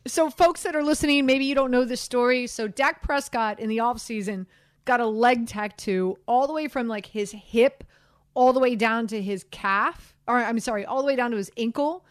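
A woman hosts a sports talk show, rambling and animated with plenty of fillers and asides. Her voice sits a little high and comes through a dry studio mic with no room sound. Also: normal speed, dry recording. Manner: animated, chatty, self-deprecating, many fillers. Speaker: sports radio host. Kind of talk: casual sports talk chat.

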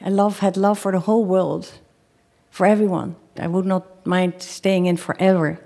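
A woman telling a true first-person story to a live audience, halting at times, repeating and restarting phrases, and acting out her own pleas. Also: on the low side, little pitch movement, warm tone.

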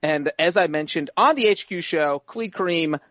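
A man's voice: on the high side, fairly bright tone, no echo, muffled recording. A man co-hosting a sports podcast, talking casually and playfully as he makes his picks and defends them. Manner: playful, rambling, quick to defend himself. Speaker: podcast co-host, grader.

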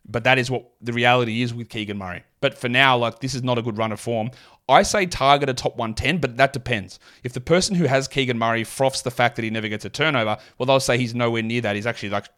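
A man from Australia with a mild Australian accent, hosting a solo fantasy basketball podcast and rattling off statistics with quick asides. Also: mid-range voice, fairly bright tone. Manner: rapid stat-heavy delivery with asides.

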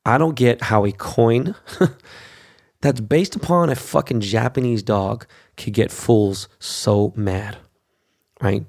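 Young male host, foul-mouthed and brash, gravelly voice, ranting monologue. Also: medium pitch. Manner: brash, cursing constantly. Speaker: show host.

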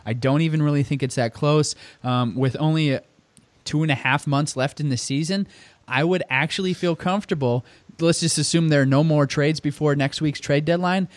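A man hosting a casual fantasy basketball podcast, brisk and steering the talk. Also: fairly high pitch, dry recording. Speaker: podcast host. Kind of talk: casual fantasy sports chat.

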